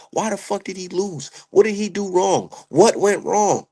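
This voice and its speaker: A man's voice: sits high, expressive, normal speed, vocal fry, few pauses, a little mellow. A young man giving heated, profane, slangy commentary as a streamer. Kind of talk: ranting casual commentary.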